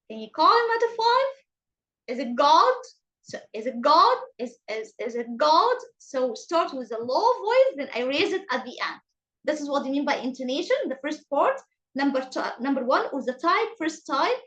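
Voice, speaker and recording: A woman's voice: high-pitched, low-quality recording. A woman teaching an online English class over a video call, acting out rising and falling intonation in her example sentences.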